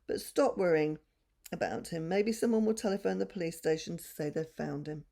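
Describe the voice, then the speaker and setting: Practical calm mother, low and mellow, read by a woman. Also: brisk, creaky. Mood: soothing.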